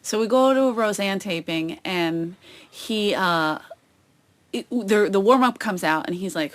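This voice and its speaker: A woman comedian chatting as a podcast guest, telling stories with lively acted-out quotes. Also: mid-range voice, moderate pace. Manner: animated storytelling, acts out quoted voices. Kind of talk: casual chat. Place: outdoors on a boat.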